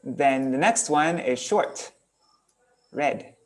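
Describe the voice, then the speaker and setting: A man's voice: medium pitch, lively intonation, extremely slow. A man teaching an online class, casually thinking aloud as he works on screen and chanting out syllable patterns. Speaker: kirtan teacher. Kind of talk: online class explaining verse meter.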